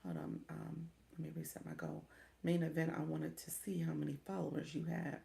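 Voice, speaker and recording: Woman, livestream coach, chatty, low voice, gravelly. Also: animated, brisk, warm tone. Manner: chatty, reads chat aloud, laughs often. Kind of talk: casual livestream chat.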